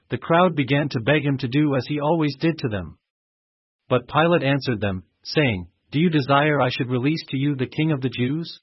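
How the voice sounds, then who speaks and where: Husky-voiced man reading scripture. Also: medium pitch, dry recording. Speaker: scripture reader. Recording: muffled dry recording.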